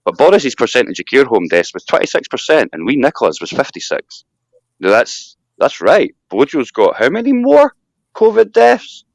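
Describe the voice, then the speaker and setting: Animated Scottish man ranting. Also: medium pitch, normal speed, creaky, no room sound. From Scotland. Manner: animated rambling rant with mocking asides. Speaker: live stream host. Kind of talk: casual chat.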